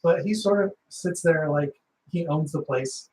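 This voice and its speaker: A man's voice: fairly high pitch, a little slow, darkish tone, rough recording. A man running a tabletop game as game master, narrating with many fillers and restarts.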